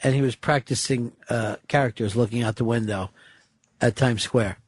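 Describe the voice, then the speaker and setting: A man's voice: medium pitch, steady tone, normal speed, slightly rough, dry recording. A man hosting a radio show, teasing and needling his co-host in casual studio banter.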